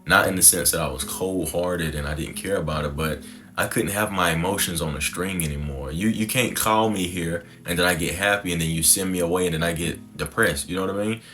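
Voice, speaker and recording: A man's voice: sits low, fairly quick, sharp tone. A young man telling his personal story to the camera in a reflective, conversational, slangy way. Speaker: content creator.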